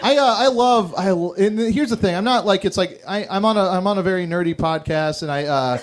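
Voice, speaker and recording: A man's voice: high voice, a little fast, some chatter behind. A young man performing a stand-up routine, telling crude, rambling, self-mocking stories. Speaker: stand-up comedian. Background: audience laughter.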